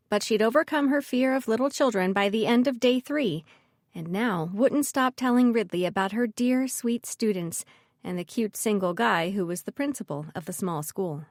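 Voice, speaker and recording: A woman narrating a fantasy audiobook in an even, measured reading. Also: medium pitch, dry recording, clean studio sound.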